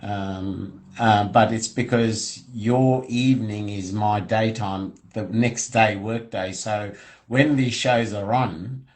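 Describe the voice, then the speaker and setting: Australian male host with a lowish voice, friendly and halting, lots of filler words. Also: fairly even intonation. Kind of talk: casual interview chat.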